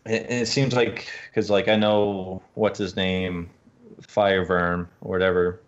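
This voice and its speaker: Low-voiced, swearing co-host man. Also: level tone, unhurried, lo-fi sound. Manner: loose and profane, lots of "like". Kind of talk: casual chat.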